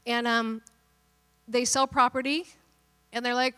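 A woman's voice: a little high, measured pace, fairly bright tone. A woman pastor teaching a Bible sermon in a chatty way, often checking in with her listeners. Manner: chatty, keeps checking in with "right?". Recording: long hall reverb.

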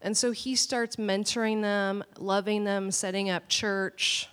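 A woman's voice: medium pitch, unhurried, clean tone. Woman pastor preaching in a reverberant hall. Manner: animated storytelling with laughs. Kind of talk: sermon. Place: church hall. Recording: long church hall reverb.

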